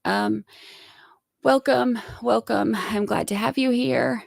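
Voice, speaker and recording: A woman hosting a casual livestream, sick with a scratchy throat, talking softly and clearing her throat often. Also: mid-range voice, takes it slowly, no echo, clean studio sound. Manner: soft-spoken, frequent throat clearing. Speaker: livestream host.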